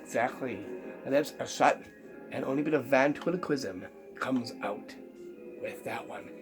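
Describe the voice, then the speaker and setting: A man explaining how a magic prank is made, step by step, pausing often with ums. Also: mid-range voice, over music. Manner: unhurried, halting with many ums, explaining step by step. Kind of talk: magic trick tutorial.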